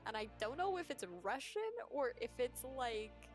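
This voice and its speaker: A woman's voice: a little high, lively intonation, moderate pace, faint music behind. A woman chatting on a game stream, rambling and giggling as she explains things. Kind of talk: casual chat on a game stream.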